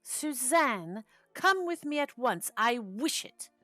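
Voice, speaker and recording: A woman's voice: high-pitched, lively intonation, measured pace, fairly bright tone, dry recording, faint music behind, pitched above the performer's own voice. A woman reading an audiobook, voicing a rigid, proud French countess who gives clipped, peremptory orders.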